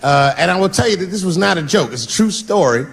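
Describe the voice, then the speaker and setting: A man doing stand-up, telling a story in a profane, animated way and swinging his pitch sharply for the voices he quotes. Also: quick pace, creaky. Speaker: stand-up comedian.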